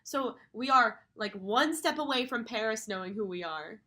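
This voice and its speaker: Young woman, high and bright, excitable giggly podcast co-host. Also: normal speed. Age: young adult. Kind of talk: casual chat.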